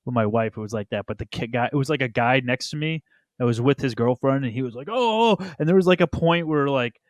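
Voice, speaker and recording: Brief: man, mid pitch, blunt podcast guest type, dry close mic. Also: fast, no echo. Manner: blunt, swears freely. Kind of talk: casual chat.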